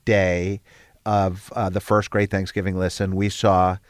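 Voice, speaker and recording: Older guy, low voice, earnest storyteller, lots of restarts, dry studio sound. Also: flat delivery, a little slow, clean tone, no echo. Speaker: guest, head of a storytelling nonprofit. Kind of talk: conversational interview.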